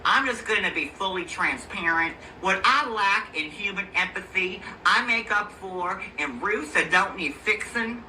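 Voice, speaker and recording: A woman's voice: mid-range voice, animated, a little slow, few pauses, bright, forceful tone, a little hiss or hum, low-quality recording. A woman voicing a greedy, shameless female streamer with a Southern drawl in a mock-sincere parody. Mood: mock-confessional. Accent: American Southern drawl.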